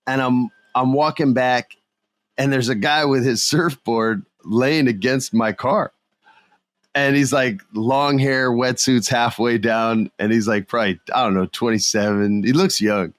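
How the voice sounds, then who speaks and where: A man from the United States hosts a podcast in a relaxed, slang-heavy way. He tells stories with animation, and his voice sits at an ordinary middle pitch. The recording is dry and close, with no room sound. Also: a little slow, no echo. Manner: laid-back, slangy, animated storyteller. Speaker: podcast host. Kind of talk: casual chat.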